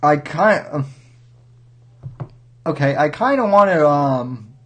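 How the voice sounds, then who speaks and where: Slow, rambling male livestream host. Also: fairly high pitch, lively intonation. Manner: rambling, wry, halting with many restarts. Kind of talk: casual livestream commentary.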